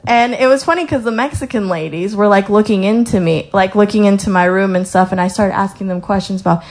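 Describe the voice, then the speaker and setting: A woman's voice: medium pitch, quick pace, hardly any pauses. A young woman sharing a faith testimony in a casual sermon style, telling stories with acted-out quotes and reading scripture aloud. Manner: lively storytelling with acted-out quotes.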